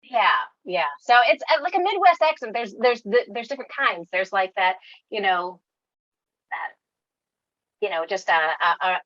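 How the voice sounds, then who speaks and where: A woman's voice: medium pitch, lively intonation, normal speed, a bit bright, no room sound, muffled recording. A woman with a Wisconsin accent, chatting as a guest on a casual interview and talking about her tutoring work in an upbeat, talkative way. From United States. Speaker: guest, online tutoring coach.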